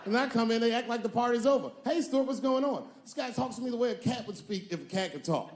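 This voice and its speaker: A man's voice: very high-pitched, quick pace. A male stand-up comedian telling stories in a profane, conversational way with punchy emphasis.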